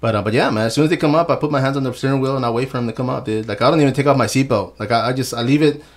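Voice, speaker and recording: Male host, casual slangy chat, fast delivery, studio. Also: medium pitch. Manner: laid-back, slangy, says man and bro. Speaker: podcast host. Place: podcast studio.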